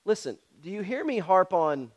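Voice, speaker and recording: Brief: male pastor, high pitch, direct and challenging sermon delivery. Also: very animated, normal speed. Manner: direct, repetitive and challenging, talks to the congregation.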